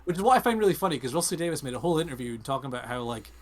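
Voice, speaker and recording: Fast-talking enthusiastic man chatting on a podcast. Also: mid-range voice, lively intonation, a crowd in the background. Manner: quick, rambling and enthusiastic, many fillers. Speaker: podcast co-host. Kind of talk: casual chat.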